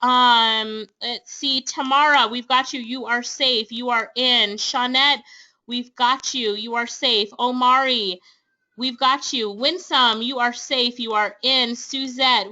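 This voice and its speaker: Jamaican woman hosting a webinar, high bright voice, super hyped and pushy, kinda muffled lo-fi audio. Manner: excited, persuasive, energetic. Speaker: online business trainer hosting a webinar. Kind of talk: upbeat sales pitch to webinar attendees.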